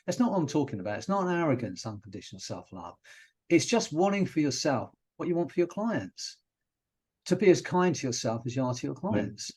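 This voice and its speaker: A British hypnotherapist telling stories in a relaxed, rambling way, often restarting his sentences as a podcast guest. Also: on the high side, brisk, breathy edge. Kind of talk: casual interview chat.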